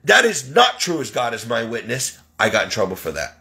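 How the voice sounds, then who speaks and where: A man's voice: mid-range voice, huge pitch swings, fairly quick, sharp tone. A man venting as a caregiver in an indignant, exasperated monologue. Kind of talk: ranting monologue.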